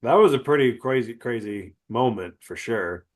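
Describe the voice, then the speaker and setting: A man's voice: mid-range voice, expressive, moderate pace. A man co-hosting a podcast, giving a casual, comedic movie review and ranting with lots of swearing and emphasis. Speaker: podcast co-host.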